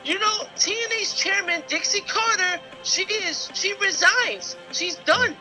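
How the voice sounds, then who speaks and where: A man's voice: very high voice, measured pace, pushed and bright, soft background music, heavily acted, low-quality recording. A man voicing a polite young male reporter who eagerly runs through wrestling news and calls the others mister. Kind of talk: casual podcast segment.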